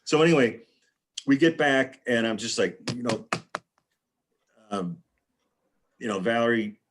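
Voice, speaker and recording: A man's voice: mid-range voice, animated, a little slow, noisy background. A man on a live video panel telling a rambling, casual anecdote and acting out what people said. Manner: rambling storyteller, acts out quotes. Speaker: panel guest. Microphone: video call.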